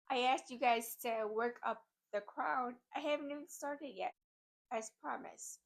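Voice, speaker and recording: A woman vlogger chatting casually and giddily to her viewers about her crochet projects, rambling from one thought to the next. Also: on the high side. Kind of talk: casual chat to camera. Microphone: desk microphone.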